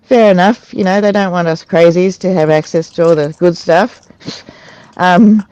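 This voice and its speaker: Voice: mid-range voice, a little mellow, clear, resonant tone, low-quality recording. An adult talking candidly at a recovery meeting, with many restarts, fillers and laughs while recounting. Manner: halting, frequent restarts and fillers. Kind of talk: candid personal sharing. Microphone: online video call.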